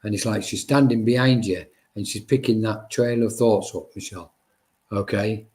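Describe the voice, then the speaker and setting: A man's voice: on the low side, steady tone, normal speed, a little mellow. A man working as a medium, giving chatty, reassuring live-stream readings and talking to viewers by name.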